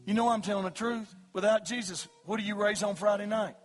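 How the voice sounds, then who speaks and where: A man preaching an evangelistic sermon at a church service, his delivery swinging from hushed pleading to loud shouting. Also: high voice, steady tone, brisk, soft background music. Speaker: pastor.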